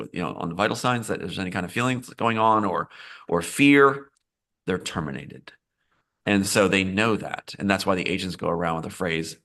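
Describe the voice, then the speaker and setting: A man's voice: low voice, a bit bright. A man being interviewed as a screenwriter, talking in a meandering way, often restarting and repeating phrases. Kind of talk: live interview, casual talk.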